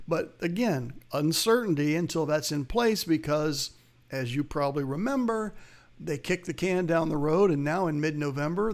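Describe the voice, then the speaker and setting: A man with a fairly high, creaky voice hosts a live investing webcast. He offers chatty market commentary, speaking straight to viewers and reading their chat.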